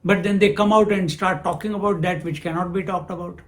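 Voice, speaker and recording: A man giving a spiritual discourse, unhurried, who asks questions and answers them himself. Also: sits high, fairly even intonation. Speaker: spiritual teacher.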